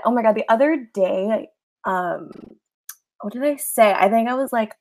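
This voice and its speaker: A young woman hosting a casual chat, giggly, excitable and flustered. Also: a little high, normal speed. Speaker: host.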